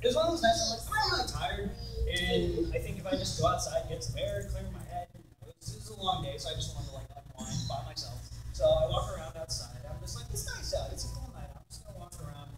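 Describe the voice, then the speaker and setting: A man's voice: sits high, fast talker, over a noisy crowd. A young man telling stories on a convention panel, acting out quotes and laughing often. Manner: animated storyteller, acts out quotes, laughs often. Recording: roomy far-off hall recording with noise.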